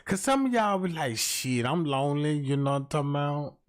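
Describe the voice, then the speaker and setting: A man's voice: fairly high pitch, fast talker. A man hosting a comedic livestream, talking to his chat in a swearing, slangy rant. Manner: animated, swearing, slangy, keeps asking the chat. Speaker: livestream host.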